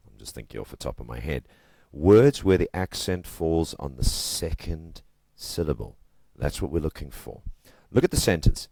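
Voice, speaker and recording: A man's voice: deep voice, big pitch swings, moderate pace, a little mellow, no room sound, clean studio sound. A man teaching literature in a casual video lesson, chatty and joking, leaning hard on stressed words.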